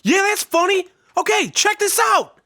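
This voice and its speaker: A man playing a hyper, boastful young guy in a comedy sketch, with a shrill, jeering delivery. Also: animated, moderate pace, bright, forceful tone, dry recording, studio quality, full character voice.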